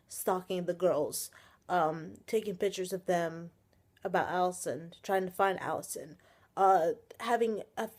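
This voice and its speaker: Angry and exasperated, a young woman reviews a TV episode on her casual vlog, ranting, swearing and sighing frequently. Her mid-range voice has a darkish tone. Sound comes from a webcam or built-in camera mic.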